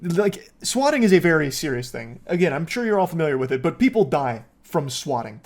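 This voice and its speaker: A man's voice: a little high, very animated, fairly quick. A man giving sarcastic, profane reaction commentary on a police video. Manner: sarcastic, profane, breaks into laughter.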